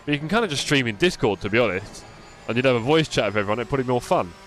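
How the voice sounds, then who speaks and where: A man's voice: mid-range voice, animated, very fast, fairly bright tone. Chatty male sim racing streamer. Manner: chatty, answers viewer chat by name, self-deprecating. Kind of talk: casual live-stream chat while racing.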